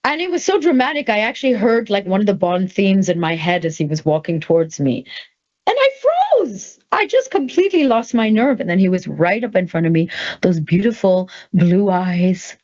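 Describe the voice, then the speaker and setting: A middle-aged woman telling a personal story in a casual, animated way, jumping up high when she voices her own thoughts. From Canada. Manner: animated storyteller, quick swings into high excited voice for quoted thoughts. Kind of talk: casual anecdote. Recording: slightly dull, lo-fi sound.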